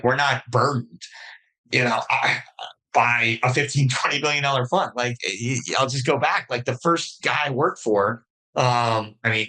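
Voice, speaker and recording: A man with a bright, forward voice, speaking as a guest on a podcast. He talks casually in energetic bursts, restarting sentences and acting out quick quotes. His pitch sits at an ordinary middle height. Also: low-quality recording. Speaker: podcast guest, fund manager. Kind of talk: casual interview talk.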